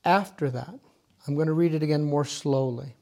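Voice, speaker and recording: Gentle man guiding prayer meditation. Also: on the high side, moderate pace, vocal fry. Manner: gentle, instructive, drops to a near whisper when guiding. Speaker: meditation leader. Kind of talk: guided prayer meditation teaching.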